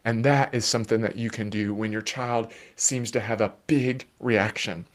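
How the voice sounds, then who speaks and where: A man who works as a children's therapist, giving calm, explanatory and gently playful parenting advice in a live Q&A. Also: on the low side, moderate pace.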